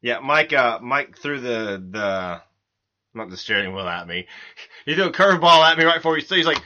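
A man's voice: medium pitch, expressive, moderate pace, sharp tone. A man hosting a casual podcast, joking around and often stumbling and restarting his sentences. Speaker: podcast host.

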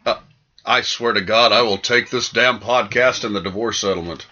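A man's voice: fairly low pitch, normal speed, pushed and bright. A man co-hosting a casual comedy podcast, joking and profane while reading sponsor spots. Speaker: podcast co-host. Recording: dull lo-fi podcast audio.

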